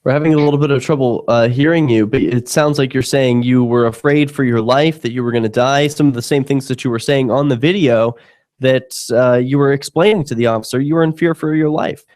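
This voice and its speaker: A man's voice: medium pitch, fairly quick, a little mellow. A man hosting a talk radio show, introducing a video and a guest, then summarizing what the guest says.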